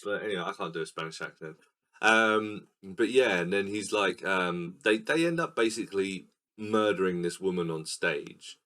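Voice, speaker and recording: A man's voice: deep voice, animated, normal speed, sharp tone. A man co-hosting a casual film podcast, explaining scenes and acting them out in silly voices. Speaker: podcast co-host. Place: recording room.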